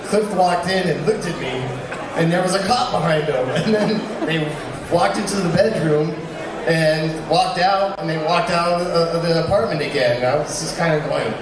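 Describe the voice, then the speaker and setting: A man's voice: on the high side, normal speed. A man recalling a story in a laid-back, amused way. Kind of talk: telling an anecdote. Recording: echoey, distant, noisy.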